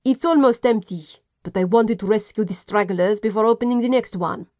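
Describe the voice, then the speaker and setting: A woman's voice: mid-range voice, a little fast, darkish tone, dry recording, clean studio sound, close to an everyday voice. A woman voicing a proud male ship's cook in an audiobook, with a slightly altered timbre. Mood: earnest. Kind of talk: audiobook character voice.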